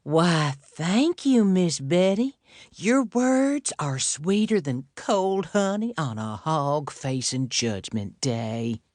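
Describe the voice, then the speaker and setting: A woman's voice: sits low, expressive, takes it slowly, darkish tone, dry recording, studio quality, pitched above the performer's own voice. A narrator voicing a cheeky woman bus driver who speaks in a flowery, exaggerated put-on Southern accent. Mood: mock-gracious. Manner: sing-song, flowery and exaggerated.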